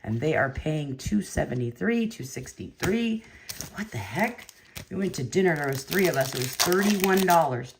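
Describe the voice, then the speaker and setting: Low-voiced chatty woman opening cards. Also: normal speed, noisy background. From California. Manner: chatty, rambling, with excited outbursts. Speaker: card break host. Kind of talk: casual live-stream chat while opening cards.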